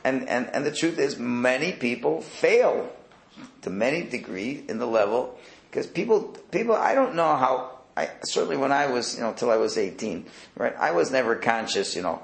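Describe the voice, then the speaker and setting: Gravelly-voiced man teaching Talmud. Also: mid-range voice, sing-song, normal speed, roomy sound, low-quality recording. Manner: conversational, repeats and restarts, mixes Hebrew and Aramaic terms. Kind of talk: casual Talmud class.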